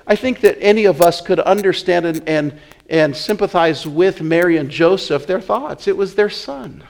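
Animated male preacher, slightly higher voice. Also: normal speed. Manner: animated, stumbles and repeats words, acts out scenes. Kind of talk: sermon.

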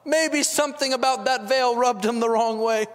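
A man's voice: very high-pitched, normal speed, big-room sound. A man preaching a fervent sermon as a pastor, building with repeated rhetorical questions.

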